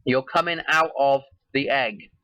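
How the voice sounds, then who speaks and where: Speaking at a measured pace with medium pitch and fairly even intonation, a video host muses casually, drifting from one idea to another. His voice sounds pushed and bright. There's no echo, though the recording is muffled.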